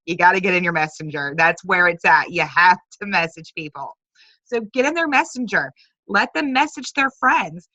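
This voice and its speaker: A woman's voice: mid-range voice, normal speed, bright, forceful tone, no echo, poor audio. A woman team leader giving upbeat, chatty coaching on a video conference call, acting out sample messages.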